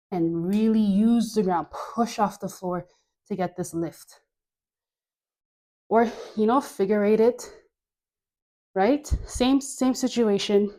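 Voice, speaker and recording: A woman leading a dance workout class, cueing moves slowly between sighs and laughs, a bit out of breath. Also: mid-range voice, warm tone. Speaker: dance instructor.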